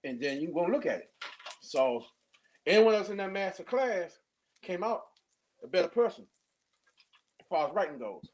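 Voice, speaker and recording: Male poet, high voice, animated storyteller, casual. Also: normal speed, long pauses, slight background noise. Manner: animated storyteller, acts out quotes. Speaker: poet, workshop student. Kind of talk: casual chat.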